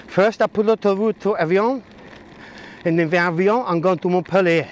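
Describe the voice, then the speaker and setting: A man's voice: high-pitched, normal speed. A man cycling outdoors, rambling through a casual, jokey vlog about his ride and route. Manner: rambling, jokey, self-mocking, talks to himself. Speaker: cycling vlogger. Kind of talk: casual vlog narration while riding. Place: outdoors on a bicycle, country roads and city. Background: faint traffic and outdoor noise.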